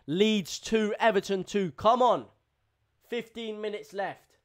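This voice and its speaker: A man streaming live, giving excitable running commentary on a football match and repeating himself. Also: high-pitched, normal speed.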